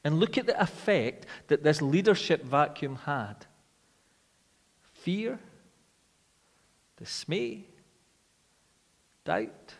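Man, preaching a sermon, slightly high voice, dramatic loud-soft swings, long church reverb. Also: sing-song, very slow, pauses often. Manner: dramatic, swings from loud rhetorical questions to quiet intensity.

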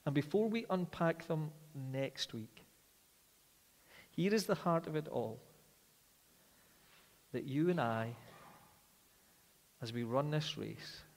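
A man preaching a sermon, earnest, moving between emphatic stress and hushed, slow passages. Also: on the high side. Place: church. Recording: long reverb of a large hall.

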